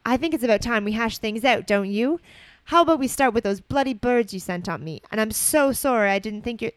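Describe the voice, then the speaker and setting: A woman's voice: medium pitch, animated, fast talker, no echo, natural voice. A woman reading as Ron, a hot-headed schoolboy wizard. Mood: angry. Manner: blunt, defensive outbursts.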